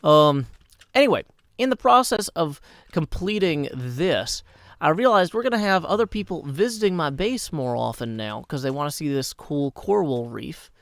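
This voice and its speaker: A man in his thirties streams a building game with a voice still rough from waking up. He rambles easily, breaking off to answer chat. The sound is dry and close, with no room around it. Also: a little high, expressive, moderate pace, fairly bright tone, dry recording. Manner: rambling, chatty, answers chat mid-thought. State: hoarse morning voice. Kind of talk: live-streamed game commentary.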